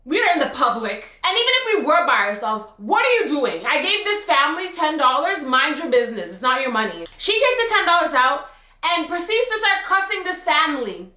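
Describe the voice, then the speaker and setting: Young woman, storytime vlogger, high-pitched, slangy and animated, roomy sound. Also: fairly quick. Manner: animated, expressive, slangy retelling. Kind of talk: casual storytime. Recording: roomy echo.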